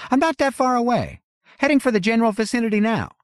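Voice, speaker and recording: A male audiobook narrator voicing a brisk, insistent young woman talking on the phone. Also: extremely high pitch, lively intonation, no room sound, studio quality, voice pushed up.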